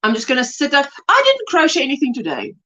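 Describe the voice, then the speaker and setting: A woman's voice: high voice, wildly swooping pitch, fast talker, pushed and bright, rough recording. A woman hosting a casual crochet livestream, chatting and greeting viewers by name, with frequent laughter. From South Africa. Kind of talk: casual live-stream chat. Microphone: webcam.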